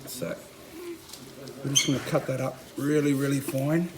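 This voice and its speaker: Standing by a smoker in his backyard, a middle-aged Australian chef runs an enthusiastic, informal cooking demonstration full of repeated catchphrases. His medium-pitched voice holds a steady tone at a moderate pace, and the background is noisy.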